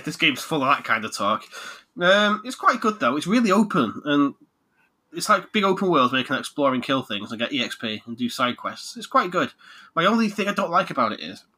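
A man's voice: on the high side, breathy edge. A man who hosts a podcast, talking casually and joking a lot as he reviews video games. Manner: animated, jokey, laughs a lot. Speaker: podcast host, game reviewer. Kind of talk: casual chat.

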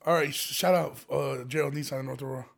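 A man's voice: mid-range voice, steady tone, fast talker, creaky. A man hosting a casual podcast, trading crude roast jokes and laughing often. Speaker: podcast host.

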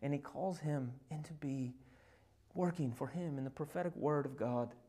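A male pastor preaches, retelling scripture scenes with conversational asides. His volume swings from loud emphasis to hushed, near-whispered passages. His voice is fairly high, at a moderate pace.

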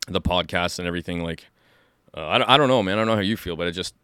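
A man co-hosts a podcast in a studio, chatting casually with a rambling, enthusiastic manner. His voice is low, and his words come out quickly. The sound is dry, with no room echo. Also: sharp tone, smooth. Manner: rambling, enthusiastic, full of fillers and restarts. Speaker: podcast co-host. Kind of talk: casual chat.

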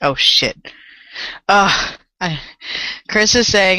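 A woman's voice: lowish voice, animated, bright, forceful tone, no echo, low-quality recording. A woman co-hosting a casual podcast, rambling, swearing freely and laughing often on a home microphone. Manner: rambling, profane and quick to laugh. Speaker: podcast co-host. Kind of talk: casual chat.

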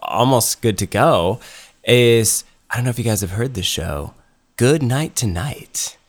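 A man's voice: lowish voice, normal speed. Guy cohosting a podcast, just chatting, rambly with tons of ums. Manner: rambling, many ums and restarts. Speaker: podcast co-host. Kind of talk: casual chat.

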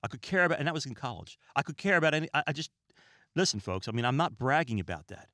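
A man hosting a podcast, talking in a calm, relaxed, rambling way and often stumbling over his words, recorded in a small room lined with books. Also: medium pitch, fast talker, dry recording, studio quality. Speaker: podcast host. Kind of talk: casual podcast monologue.

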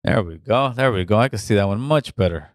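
A man's voice: fairly low pitch, animated, brisk, dry recording, clean studio sound. Slangy man hosting a call-in show. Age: middle-aged. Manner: loose, repeats himself, slangy. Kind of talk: casual call-in chat.

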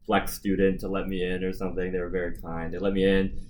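A man co-hosting a podcast, telling a story in a casual, animated way and acting out the voices of the people in it. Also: deep voice, quick pace, a little hiss or hum, low-quality recording. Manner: animated, acts out quoted voices. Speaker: podcast co-host.

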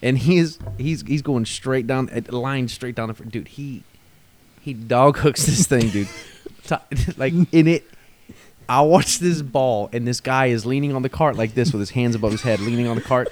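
A man co-hosting a podcast, telling stories in a casual, animated way and laughing often. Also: medium pitch, normal speed. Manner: animated, laughs while telling stories, says "dude" a lot. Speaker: podcast co-host. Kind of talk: casual storytelling chat.

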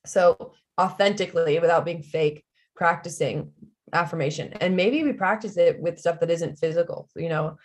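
A woman's voice: on the low side, moderate pace. A woman guest on a podcast, talking frankly and earnestly in casual chat.

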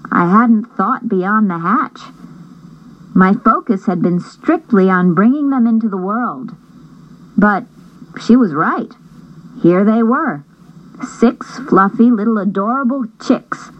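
A woman reading a first-person novel aloud as an audiobook narrator, in a measured storytelling manner. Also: medium pitch, no echo, dull audio.

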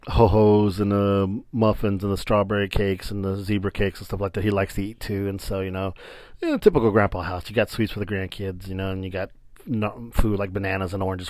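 A man in his forties telling a funny family story in a casual, animated way, often breaking into laughter, while recording on a bedroom floor. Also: on the low side, no echo. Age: 40s. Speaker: vlogger. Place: lying on a bedroom floor indoors.

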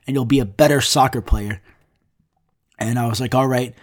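A man's voice: mid-range voice, brisk. Rambling young man telling a profane story. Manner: rambling, profane, quotes others in animated asides. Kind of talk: casual storytelling monologue.

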